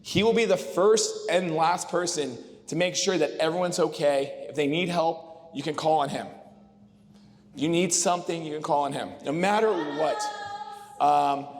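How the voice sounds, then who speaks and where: A man's voice: fairly high pitch, normal speed, slight background noise. A man in his thirties giving an emotional, heartfelt wedding toast as best man, rambling with fillers. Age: 30s. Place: wedding reception hall. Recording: long reverb of a reception hall.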